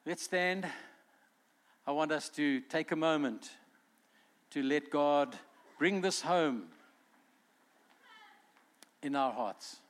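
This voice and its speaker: A man's voice: fairly high pitch, slow pace, long pauses. A male pastor preaching a sermon in an earnest way, acting out quotes as he goes.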